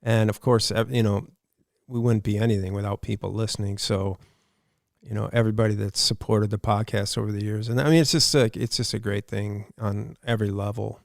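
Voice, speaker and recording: Low gravelly man in casual chat. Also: brisk, dry recording, clean studio sound. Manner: earnest, relaxed, talking with a buddy. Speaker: podcast co-host.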